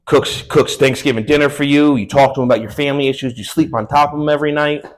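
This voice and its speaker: A man's voice: medium pitch, fairly even intonation, quick pace, poor audio. A young man performing a stand-up comedy set on a club stage, telling crude, loose stories with slangy asides.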